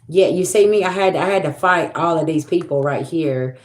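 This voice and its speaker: A woman's voice: deep voice, moderate pace, hardly any pauses, slight background noise. Blunt, cursing woman in an echoey room. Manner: blunt, profane, repetitive scolding. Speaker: tarot reader. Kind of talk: livestream spiritual reading.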